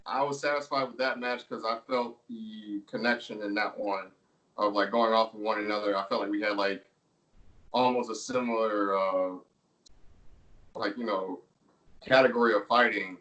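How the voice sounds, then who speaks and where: A man being interviewed as a pro wrestler, telling stories in a relaxed way with frequent laughs and fillers. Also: lowish voice, normal speed, distant mic, highs cut off. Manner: laid-back storytelling, laughs often, filler words. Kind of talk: casual interview chat.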